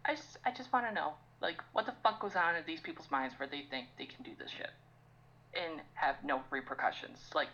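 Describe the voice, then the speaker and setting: Young woman, exasperated profane rant, low voice, dull recording. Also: fairly quick, pushed and bright. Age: young adult. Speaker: podcast co-host. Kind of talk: ranting casual chat.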